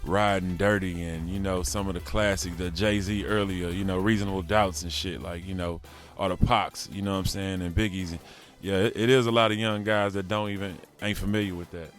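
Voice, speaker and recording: A man's voice: low voice, steady tone, brisk. A man, a rapper talking as an interview guest in a laid-back, slangy drawl. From Houston, Texas. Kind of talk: casual interview talk.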